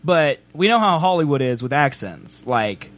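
A man's voice: fairly high pitch, very animated, moderate pace, fairly bright tone. A young man co-hosting a podcast, joking around in casual banter and laughing often. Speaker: podcast co-host.

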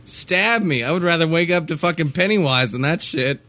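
A man's voice: a little high, animated, normal speed, sharp tone, no echo. A man in casual chat, sarcastic and blunt, swearing often while mocking a movie.

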